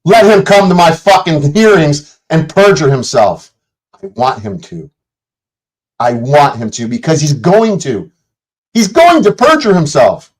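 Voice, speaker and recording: A man with a slightly high voice rants furiously into his streaming mic, swearing constantly and jabbing at viewers in the chat. His delivery is combative and heated, a confrontational livestream tirade. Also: wildly swooping pitch, measured pace, rough recording. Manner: profane, combative, shouting at chat. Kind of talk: angry livestream rant. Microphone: streaming setup mic.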